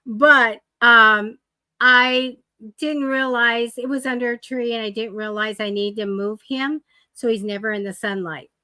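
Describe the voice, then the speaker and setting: A woman's voice: on the high side, steady tone, measured pace, pushed and bright, clean tone, no room sound. A woman co-hosting a casual live psychic-reading stream, talking emphatically with stumbling repeats. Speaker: psychic reader co-host.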